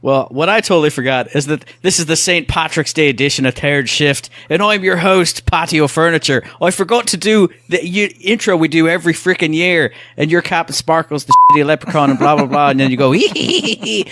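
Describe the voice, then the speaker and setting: A man's voice: fairly high pitch, brisk, few pauses, a bit bright, no room sound. A man hosting a casual podcast, joking and telling stories. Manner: joking storyteller. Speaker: podcast host. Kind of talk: casual chat.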